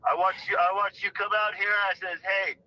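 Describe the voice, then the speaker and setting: A man's voice: high-pitched, little pitch movement, a little fast, sharp tone. A man calling in from the desert, out of breath while walking, rambling with many fillers. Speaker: volunteer searcher calling in. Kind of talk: casual phone call. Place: outdoors in the desert. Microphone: phone call. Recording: distant, noisy phone line.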